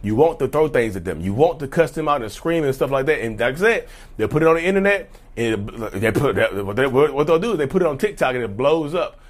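A man's voice: mid-range voice, lively intonation, fast talker. A man talking casually and repetitively to viewers in an advice vlog, addressing them as y'all. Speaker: channel host.

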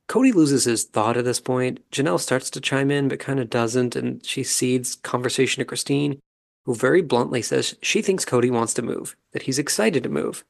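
Male podcast host, calm, analytic show recap, mid-pitched voice with a gravelly fry. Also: normal speed. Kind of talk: casual commentary recapping a reality show.

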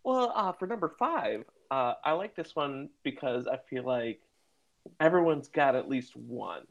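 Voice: medium pitch, expressive, a little slow, creaky, lo-fi sound. A podcast host who asks questions and spins playful, teasing scenarios in casual chat.

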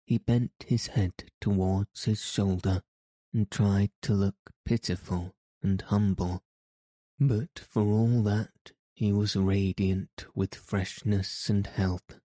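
A man narrating a classic novel as an audiobook in a measured, even reading. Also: on the low side, dry recording.

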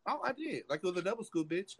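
Amid crowd noise, a young man in a high, very animated voice rushes through a story at a quick pace. As a podcast co-host he plays it dramatically, acting out every quote and swearing freely.

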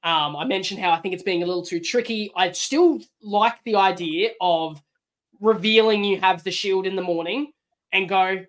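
Australian woman, podcast guest, lively and argumentative. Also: medium pitch, moderate pace. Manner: animated, argumentative, acts out quotes. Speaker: podcast guest, former contestant. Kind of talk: casual podcast chat.

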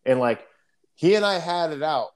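A young adult man casually telling a war story, profane and rambling, often clearing his throat. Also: a little high, animated, normal speed.

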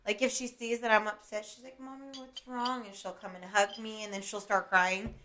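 A young woman chatting on a podcast, rambling through a story in a loose, filler-heavy way. She drops a casual swear now and then and acts out bits of dialogue, and her pitch sits in an ordinary middle range. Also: steady tone, brisk, sharp tone, slight background noise. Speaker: podcast co-host. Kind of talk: casual chat.

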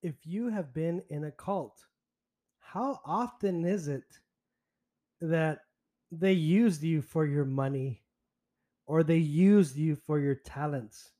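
A man hosting a solo podcast, speaking in an earnest, indignant, unhurried way. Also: a little high, mellow. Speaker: podcast host.

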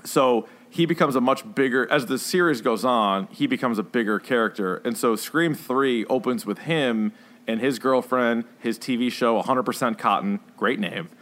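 A man co-hosting a podcast, chatting casually about films in a rambling way, full of fillers and animated retellings. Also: medium pitch, normal speed. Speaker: podcast co-host. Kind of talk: casual chat reviewing films.

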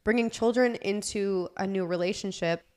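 A woman's voice: medium pitch, normal speed, darkish tone. A woman hosting a casual group podcast chat, talking in an emphatic, advice-giving way.

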